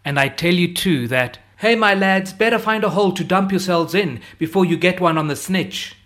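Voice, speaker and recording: A man reading an audiobook voices a soldier from another company who lectures in a slow, drawling, preachy way. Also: sits high, a bit bright, pitched above the performer's own voice. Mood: lecturing. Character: male soldier strolling by, lecturing and knowing.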